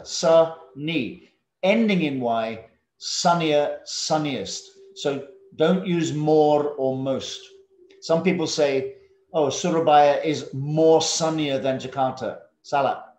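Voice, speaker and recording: A man teaching English to students over a video call. He is patient, drills words slowly, calls on students by name and drops in Indonesian classroom words. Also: fairly high pitch, a little mellow, echoey room.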